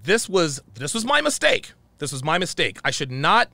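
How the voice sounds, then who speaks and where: A man's voice: a little high, big pitch swings, normal speed, pushed and bright, no room sound. A man telling a heated story in a profane monologue, acting out the dialogue he quotes. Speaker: channel host.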